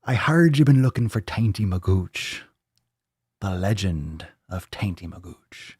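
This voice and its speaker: A man voicing an old male pirate storyteller in a pub, with a put-on Irish pirate accent and a gruff, slow, yarn-spinning manner. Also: low voice, lively intonation, a little mellow, no room sound, studio quality, heavily acted.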